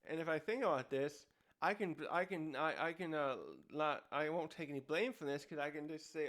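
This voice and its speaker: A man hosting a casual review who rambles and keeps restarting his sentences. His voice sits a bit high for a man. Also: moderate pace, fairly bright tone. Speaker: host.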